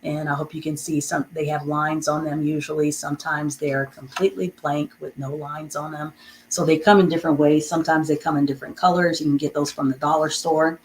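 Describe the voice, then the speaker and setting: A woman's voice: low-pitched, little pitch movement, fairly quick, a little hiss or hum, low-quality recording. A woman teaching a beginner reading lesson, patiently repeating and spelling out each word.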